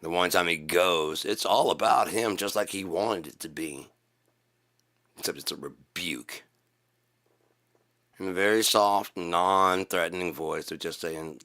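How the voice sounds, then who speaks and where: A man hosting his own channel, delivering a profane rant to camera that swings between loud shouting and low muttering. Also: measured pace, pauses often. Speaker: channel host.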